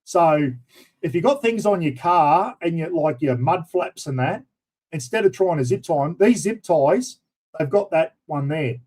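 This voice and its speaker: Middle-aged Australian male streamer, casual and blunt, warm mellow tone. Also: fairly high pitch, animated, a little slow, poor audio. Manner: blunt, rambling, colloquial. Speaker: livestream host. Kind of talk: casual livestream chat.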